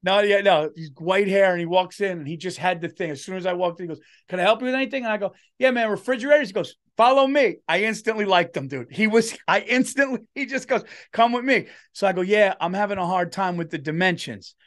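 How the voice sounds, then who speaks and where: A man's voice: high-pitched, fast, hardly any pauses, a bit bright. A middle-aged man, a comedian telling a story on a podcast and doing the voices of the people in it. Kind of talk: casual storytelling chat.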